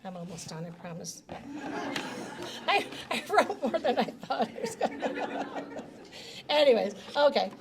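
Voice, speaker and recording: A woman's voice: fairly high pitch, big pitch swings, unhurried, long pauses, noisy background. A woman giving a personal speech at a reception, telling family stories with fillers and light laughter. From United States. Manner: warm storytelling with laughs and fillers, gets emotional.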